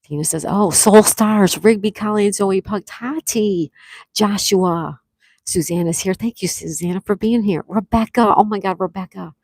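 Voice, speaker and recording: A woman's voice: mid-range voice, normal speed, slightly rough, no echo, clean studio sound. Gushing woman reading live chat. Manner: excited, gushing thanks, frequent gasps. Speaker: livestream host.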